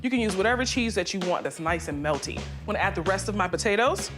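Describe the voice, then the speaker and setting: A woman's voice: medium pitch, lively intonation, fast. A woman chef explaining each step steadily in a cooking demonstration. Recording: music under voice.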